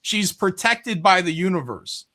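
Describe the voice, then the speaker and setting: A man's voice: sits high, expressive, measured pace, bright, forceful tone. A man co-hosting a casual livestream podcast, rambling and joking about himself. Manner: rambling, joking, self-deprecating. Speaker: podcast co-host.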